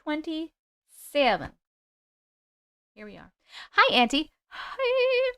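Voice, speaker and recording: A woman's voice: high-pitched, wildly swooping pitch, takes it slowly, a bit bright, no echo, clean studio sound. Bubbly chatty woman in her forties. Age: 40s. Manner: bubbly, chatty, greets viewers by name. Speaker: livestream host reading viewer stories. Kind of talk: casual livestream chat and story reading.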